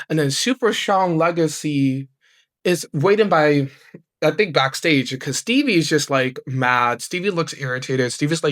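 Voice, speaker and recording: Excitable man recapping wrestling, dry sound. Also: a little high, normal speed, no room sound. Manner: excitable, slangy, mimics wrestlers' lines. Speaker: wrestling review host. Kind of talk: casual recap commentary.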